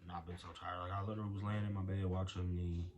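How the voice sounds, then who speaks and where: A tired young father with a soft voice, recording a rambling video diary at home late at night. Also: sits low, level tone, fast talker, muffled recording. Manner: rambling, soft-spoken, talks to his toddler in between. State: exhausted, tired.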